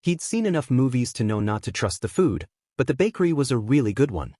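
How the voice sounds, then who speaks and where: A man reading a fan fiction story aloud in a steady, plain manner. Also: medium pitch, a little fast, slightly rough, no echo, studio quality. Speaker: narrator.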